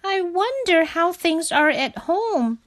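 Woman playing a tiny storybook frog, high squeaky voice, eager and whiny, bouncing all over the scale. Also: slow pace, full character voice. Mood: eager, pleading. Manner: high, pleading and excited. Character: small eager whiny young male frog.

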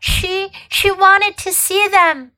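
A woman's voice: very high-pitched, steady tone, slow pace, sharp tone, voice pushed up, full character voice, rough recording. A woman voicing a frightened young schoolboy who pleads in a trembling, stammering way.

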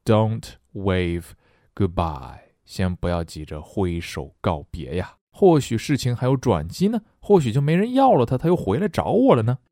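A man's voice: medium pitch, sing-song, a little fast, hardly any pauses, mellow, dry recording, studio quality. A man teaching an English lesson in a playful, jokey way. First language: Chinese. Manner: playful, jokey, switches between languages. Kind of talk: lively English lesson with story reading.

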